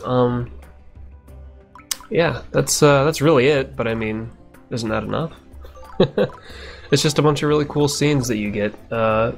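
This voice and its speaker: A man's voice: medium pitch, gravelly. A man giving casual, rambling let's-play commentary, swearing now and then and chuckling to himself. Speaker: gameplay commentator.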